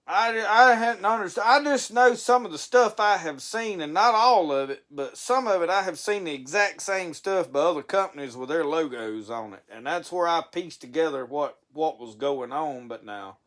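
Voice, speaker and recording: Man, stream host, fairly high pitch, rambling folksy chat with frequent restarts. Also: animated, normal speed, few pauses, a bit bright. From Mississippi. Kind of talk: casual live-stream chat.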